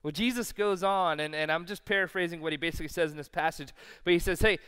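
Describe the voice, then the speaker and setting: A man's voice: fairly high pitch, fast, a bit bright, smooth, in a large hall. A male pastor preaching a sermon, telling stories animatedly and acting out the quotes himself. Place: church sanctuary.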